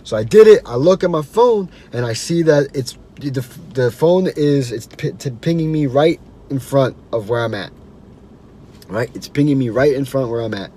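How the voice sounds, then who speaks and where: A podcast host, a man with a medium-pitched, mellow voice with a breathy edge, tells a story at a moderate pace. His storytelling is casual, loose, slangy and profane.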